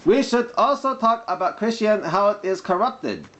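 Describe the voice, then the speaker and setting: A man's voice: high voice, expressive, normal speed, noisy background, pitched above the performer's own voice. A man putting on a lecturing commenter with a mock Arabic accent. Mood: combative. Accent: put-on mock Arabic accent. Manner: combative, lecturing. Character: mocking caricature of an argumentative male online commenter.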